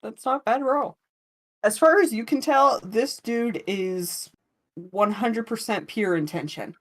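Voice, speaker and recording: A woman narrating a tabletop game as game master in a casual, relaxed way with many fillers. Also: a little high, unhurried.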